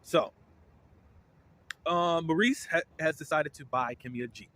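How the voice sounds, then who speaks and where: A man giving casual, blunt commentary as a reality TV recap host, with indignant, animated reactions. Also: a little high, a little slow.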